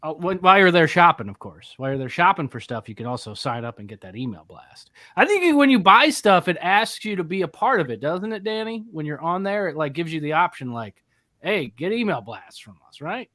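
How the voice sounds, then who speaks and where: A man's voice: a little high, big pitch swings, brisk, pushed and bright, dry recording, studio quality. A man co-hosting a casual livestream, talking up upcoming news in a chatty, promotional way. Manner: chatty, promotional, restarts phrases. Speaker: co-host.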